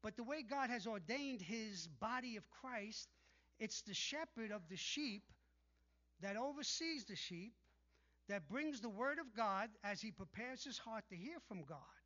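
A man's voice: high-pitched, animated, a little slow, pushed and bright, lo-fi sound. A male pastor preaching a sermon emphatically, calling out for amens from the congregation. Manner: emphatic preaching with call-and-response.

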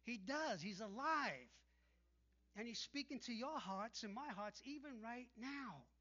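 A man's voice: very high voice, expressive, a little slow, pushed and bright, lo-fi sound. A male pastor preaching a sermon emphatically, calling out for amens from the congregation. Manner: emphatic preaching with call-and-response.

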